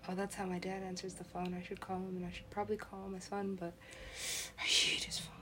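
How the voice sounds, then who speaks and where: A woman's voice: medium pitch, flat delivery, quick pace. Rambling, giggly woman with faint hiss. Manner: rambling, giggly, swears freely, acts out quoted voices. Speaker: parent. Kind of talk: rambling monologue.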